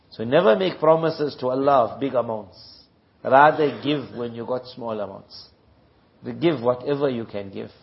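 A man's voice: mid-range voice, creaky. A man from South Africa preaching a sermon, telling stories and reciting Arabic verses. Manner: storytelling with Arabic recitations, acting out characters. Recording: dull lo-fi recording.

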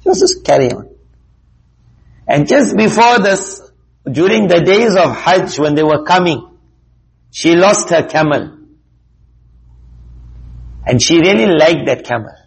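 A man teaches a religious lesson through stories, speaking slowly and with care. His voice sits a little high and has a husky edge. He slips into the voices of the people he quotes, giving their lines some life. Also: poor audio. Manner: slow, deliberate, acts out quoted speech in a lively way. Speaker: Islamic teacher. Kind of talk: religious talk with storytelling.

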